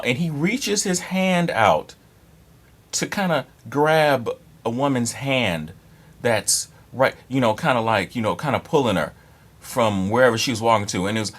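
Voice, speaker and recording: A man in his thirties giving dating advice in a casual, rambling monologue, blunt and profane with many fillers and restarts. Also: mid-range voice. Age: 30s.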